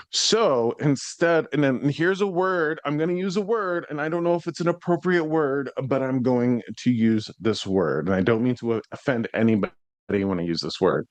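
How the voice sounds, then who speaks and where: A man hosting a podcast, telling a story in a casual, conversational way that grows animated as he retells what happened. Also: medium pitch, normal speed, no room sound. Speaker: psychic medium podcast host.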